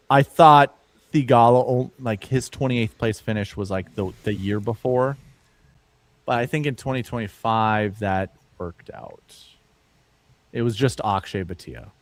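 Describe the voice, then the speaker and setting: A man hosting a sports betting podcast in casual chat, rambling and joking, laughing often. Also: mid-range voice. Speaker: podcast host.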